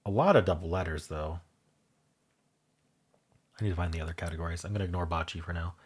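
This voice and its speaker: A man with a deep voice and a touch of husk hosts a casual puzzle stream. He thinks out loud, wandering between guesses and doubting himself. He speaks close to a desk mic in a quiet home room. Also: fast, breathy edge. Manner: thinks aloud, musing and unsure. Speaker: puzzle video host. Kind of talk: casual solo puzzle commentary.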